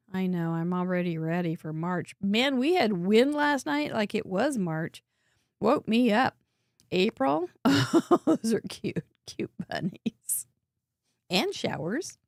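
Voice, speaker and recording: A woman's voice: medium pitch, gravelly, no echo, clean studio sound. A woman hosting a live cardmaking show, chatting and exclaiming as she shows viewers' cards. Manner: chatty, exclaiming, with frequent laughs. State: coughing, throat dry. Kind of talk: casual live-stream chat showing viewer cards.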